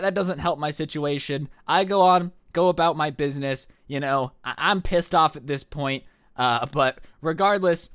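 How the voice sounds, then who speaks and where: A young man tells his storytime at a quick clip with a slightly raised pitch. He rants in an animated way and swears freely. The voice sits dry and close. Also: clear, resonant tone, no echo. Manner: fast, animated ranting with swearing. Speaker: YouTuber. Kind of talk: storytime vlog.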